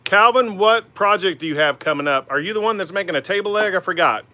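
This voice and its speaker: A man's voice: high voice, expressive, quick pace, pushed and bright, no echo. A man in his forties with an Oklahoma accent, hosting a livestream from his woodshop and chatting easily with viewers, full of "man" and "uh". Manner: easygoing, rambling, lots of "man" and "uh". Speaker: woodturning livestream host. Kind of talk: casual livestream chat answering viewer comments. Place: home woodworking shop by the lathe.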